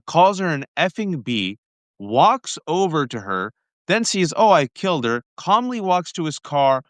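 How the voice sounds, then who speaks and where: A man's voice: a little high, fairly bright tone, no room sound. A man appearing as a guest on a political livestream, telling events in an emphatic, insistent way. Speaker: guest commentator. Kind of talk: impassioned political talk.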